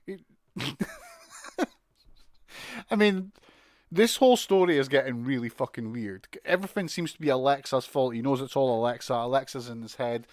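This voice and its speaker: A man's voice: mid-range voice, lively intonation, moderate pace, long pauses, no echo, studio quality. A man with a British accent giving a casual, sweary, mocking recap of a wrestling show. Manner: sweary, mocking, exasperated ranting with laughs.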